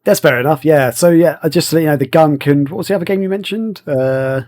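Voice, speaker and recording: Rambling English podcast host. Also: male voice, a little high, a little fast, a little mellow. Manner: rambling, with many fillers. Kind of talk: casual podcast chat.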